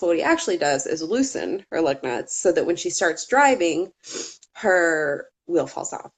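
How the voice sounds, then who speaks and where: A woman's voice: lowish voice, very animated, moderate pace. A woman co-hosting a casual true-crime chat, talkative, with laughing asides and swearing. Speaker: podcast co-host.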